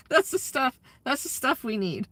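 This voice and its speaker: Woman on a livestream, bright voice, dry close sound, chatty and laughs a lot. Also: sits high, no echo. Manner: candid and chatty, laughs often, swears freely. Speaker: livestreamer and community aid organizer. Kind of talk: casual chat to a live audience.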